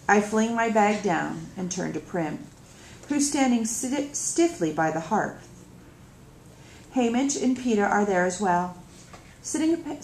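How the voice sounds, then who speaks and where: A woman reading a novel aloud in first person, slow and measured. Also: medium pitch, vocal fry, a little mellow. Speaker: reader. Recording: echoey room with faint noise.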